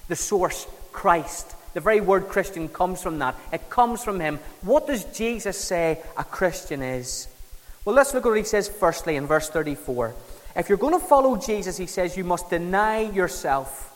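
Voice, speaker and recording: A man preaching a sermon, conversational and emphatic, acting out quoted voices and dropping low for weight. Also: big-room sound, low-quality recording. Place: church.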